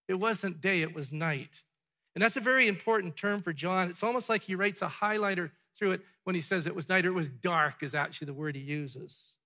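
Male pastor, slightly high and forceful, emphatic sermon delivery with rhetorical questions, hall reverb. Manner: emphatic, repeated rhetorical questions, swings from loud to hushed.

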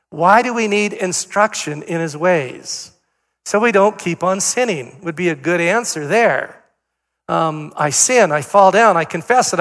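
A man's voice: a little high, fairly bright tone. An older man preaching a sermon as pastor, in a conversational, story-telling way with fillers. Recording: long hall reverb.

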